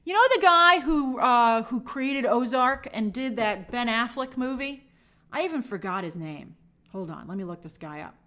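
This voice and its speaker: A middle-aged woman host delivers casual commentary with a sarcastic, exasperated edge. Her voice sits high and swings widely in pitch as she riffs. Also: normal speed. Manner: animated, sarcastic, exasperated asides. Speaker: show host.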